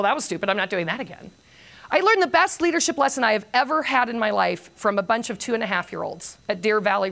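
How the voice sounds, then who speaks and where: An older woman giving a motivational conference talk, telling a long anecdote with self-mocking humor and lively storytelling. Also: fairly high pitch, vocal fry. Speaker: keynote speaker.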